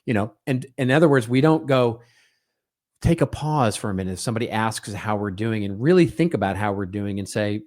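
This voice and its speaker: A middle-aged man talks through ideas alone on his podcast, in a lowish voice. He keeps things conversational, checks in with a quick "right?", and slips into short acted-out snippets of everyday small talk. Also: lively intonation, a little mellow. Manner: conversational, frequent "right?" tags, acts out small quoted exchanges. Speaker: podcast co-host. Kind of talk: solo podcast monologue.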